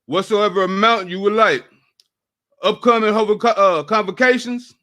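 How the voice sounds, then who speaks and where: Announcer for a church class, man with a high voice, quick list-like delivery. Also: steady tone, fairly bright tone. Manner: brisk, list-like reading. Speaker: class member reading announcements.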